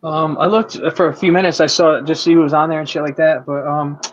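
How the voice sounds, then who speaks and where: A man's voice: a little high, steady tone, quick pace, a little hiss or hum. A man chatting on a stream voice call, hesitant and unsure, with filler words. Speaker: guest on a stream voice chat. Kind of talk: casual chat. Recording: dull lo-fi voice chat with faint clicks.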